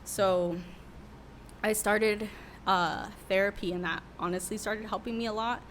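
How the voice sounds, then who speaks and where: A woman's voice: medium pitch, steady tone, measured pace, fairly bright tone, a little hiss or hum. A young adult woman, a worship leader who is a podcast guest, telling a candid, emotional story with many fillers in a casual interview.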